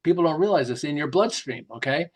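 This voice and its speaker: A middle-aged man, a marketing author, telling lively stories in an interview and acting out the quotes. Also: fairly high pitch, fast talker. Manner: lively, jokey, acts out quotes with laughs. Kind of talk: animated storytelling interview.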